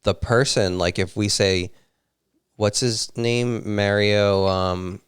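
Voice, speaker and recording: Teasing man with a low, smooth voice. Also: steady tone, takes it slowly, dry recording, clean studio sound. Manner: teasing, laid-back. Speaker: livestream co-host. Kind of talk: casual gaming stream chat.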